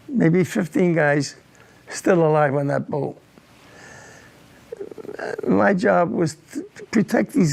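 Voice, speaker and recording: Gravelly high-voiced old man. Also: darkish tone. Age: older. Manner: halting, repeats words, grave. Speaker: war veteran interviewee. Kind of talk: recounting a personal war memory in an interview.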